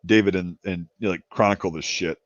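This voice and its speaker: Laid-back low-voiced man, dull dry sound. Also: fairly even intonation, fast, no echo. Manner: laid-back, rambling, laughs easily. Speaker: channel host. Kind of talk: casual podcast chat.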